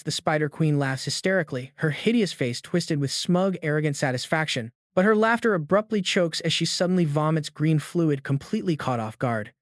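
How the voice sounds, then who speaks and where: A man's voice: fairly high pitch, no room sound. Dramatic male recap narrator, dry sound. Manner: dramatic, even-paced storytelling. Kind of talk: scripted story narration.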